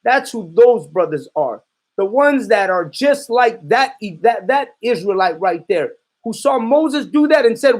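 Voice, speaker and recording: A man's voice: very high voice, lively intonation, unhurried. A man preaching in a fiery, confrontational way, calling out his listeners and giving commands to a reader. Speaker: street preacher.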